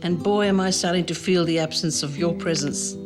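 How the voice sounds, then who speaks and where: A woman's voice: lowish voice, brisk. A middle-aged woman, a mother, reading a tender, pleading letter to her daughter aloud. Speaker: mother of a teen. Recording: interview with loud background music.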